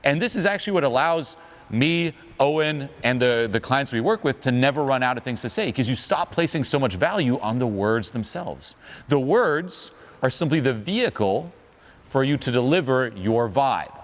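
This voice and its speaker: A man's voice: medium pitch, lively intonation, moderate pace. A man coaching on social skills in an emphatic motivational talk, asking the audience questions.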